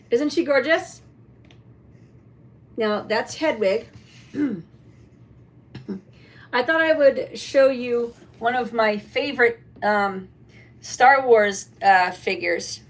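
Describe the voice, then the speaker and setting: A woman in a casual show-and-tell vlog, chatting about a toy with many fillers and some throat-clearing. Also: a little high, slow, pauses often. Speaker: vlogger showing a toy.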